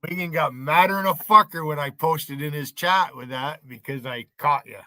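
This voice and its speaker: A man's voice: a little high, normal speed, bright, forceful tone, dry recording. A man hosting a livestream, ranting at viewers in his chat by name, taunting and cursing them. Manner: profane, taunting, combative. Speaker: livestream host.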